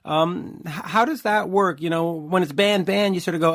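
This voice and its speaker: A man's voice: sits high, normal speed, a bit bright. A man hosting a rock podcast, chatting in a jokey, loose way with frequent fillers. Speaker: podcast host. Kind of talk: casual interview chat.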